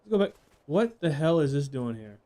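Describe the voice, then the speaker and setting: A man's voice: fairly high pitch, big pitch swings, normal speed, warm tone. Profane, rambling young male game streamer. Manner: rambling, profane, reads chat aloud and jokes. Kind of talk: casual live gameplay commentary.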